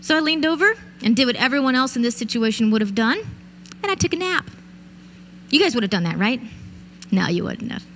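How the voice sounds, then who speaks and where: High-voiced woman telling her story. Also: lively intonation, brisk, long pauses, fairly bright tone, a little hiss or hum. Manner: vivid storytelling, addresses audience directly. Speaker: keynote speaker. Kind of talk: motivational speech. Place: event stage.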